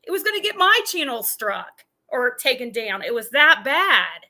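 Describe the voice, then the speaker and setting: A woman streamer's livestream commentary, delivered as an exasperated, indignant rant. Her voice sits a little high and sounds bright and forceful. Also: very animated, moderate pace.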